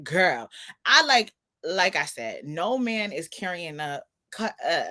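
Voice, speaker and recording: A young adult woman co-hosting a podcast, telling stories in an animated, incredulous way during casual chat. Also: on the low side, slow. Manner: animated storytelling, laughing incredulity. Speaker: podcast co-host.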